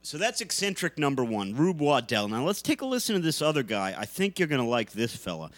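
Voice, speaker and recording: A man's voice: fairly high pitch, very animated, brisk. A man co-hosting a casual podcast, riffing emphatically and playfully. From New York. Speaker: podcast co-host. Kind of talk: casual chat.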